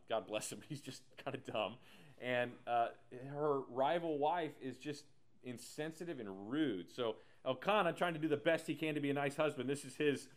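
A man preaching a casual, joking sermon, explaining scripture with laughs and asides. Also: mid-range voice. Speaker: pastor.

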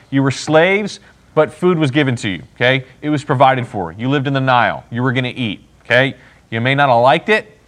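A man's voice: medium pitch, a bit bright. Man teaching a casual Bible class. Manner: checks in constantly with "okay?"; conversational, acts out people's lines.

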